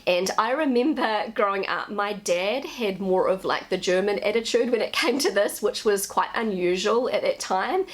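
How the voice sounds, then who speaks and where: A woman in her thirties with a New Zealand accent, chatting casually to camera as a vlogger, with relaxed asides. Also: medium pitch, moderate pace, few pauses. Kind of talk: casual vlog commentary.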